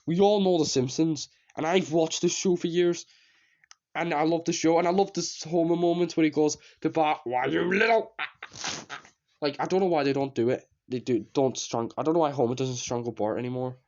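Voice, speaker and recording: A man reviews a cartoon series casually, rambling, repeating himself, and trailing off into fillers. His voice sits on the high side with a dark tone and fairly even intonation, he speaks briskly, and the lo-fi recording sounds slightly dull.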